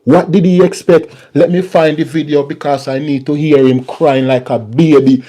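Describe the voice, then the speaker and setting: A man's voice: a little high, fairly even intonation, moderate pace, hardly any pauses, mellow. A man hosting a political commentary vlog and ranting in a mocking, repetitive way.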